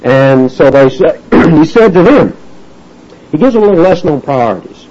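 Man, preacher, folksy sermon, husky voice, lively pitch. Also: normal speed, dull audio. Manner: folksy, animated, acts out quoted voices.

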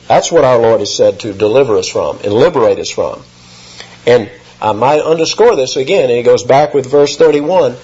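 A man's voice: mid-range voice, darkish tone, husky. A man preaching an expository sermon, emphatic and rising sharply when he quotes. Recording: muffled lo-fi sermon recording.

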